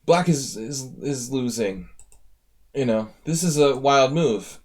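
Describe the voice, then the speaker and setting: A man streams live chess coaching, looking over viewer games in a relaxed, chatty way, voicing his thoughts and speaking directly to viewers. His medium-pitched voice is animated and darkish, and he speaks slowly.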